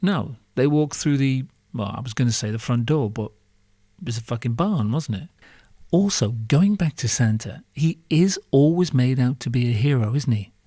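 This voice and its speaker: A man hosting a podcast, ranting in a sarcastic, sweary comic monologue full of rhetorical questions. His mid-pitched voice is recorded close and dry, with no room sound. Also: animated, normal speed, mellow, no room sound. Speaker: podcast host.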